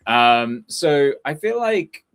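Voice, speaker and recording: A man's voice: medium pitch, very animated, slow pace, a bit bright, clear, resonant tone. A man on a casual podcast chat, jokey and offhand as he gives his take. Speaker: podcast co-host.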